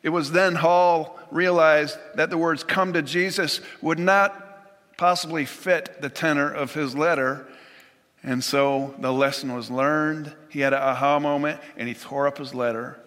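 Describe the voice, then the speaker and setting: A man preaching a sermon in an earnest, measured way, quoting scripture and retelling stories. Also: on the high side, steady tone, a bit bright, in a large hall. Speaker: pastor.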